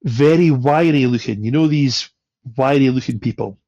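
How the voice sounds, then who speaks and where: A man's voice: mid-range voice, moderate pace, dark tone, dry recording. A man on a podcast, telling a travel anecdote with swearing and laughter. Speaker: podcast guest. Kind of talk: casual storytelling. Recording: dull, lo-fi sound.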